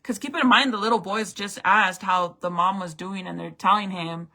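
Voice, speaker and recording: A woman's voice: medium pitch, fairly even intonation, normal speed, pushed and bright. A woman vlogger recounting a story in casual, emotional chat, swearing freely and saying "like" and "bro" a lot. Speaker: makeup vlogger.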